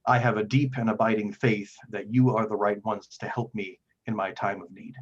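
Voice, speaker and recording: A man's voice: on the low side, flat delivery, normal speed, husky. A man voicing a kindly, gracious old male priest who speaks formally and solemnly, in a slightly muffled recording. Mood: grave.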